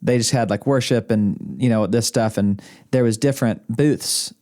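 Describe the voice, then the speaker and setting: Speaking at a normal speed, this man has a mid-range, slightly mellow voice. As a guest on his wife's podcast, the Arkansas native rambles through stories casually, chuckling a lot and frequently starting sentences over. He's indoors in a podcast studio room.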